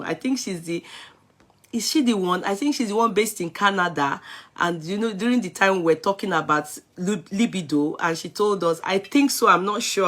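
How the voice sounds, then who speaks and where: A middle-aged Nigerian woman talks to her live-stream audience in a bright, clear voice. She is chatty and greets each viewer by name. She now and then switches into Yoruba phrases. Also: medium pitch. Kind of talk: casual live-stream chat.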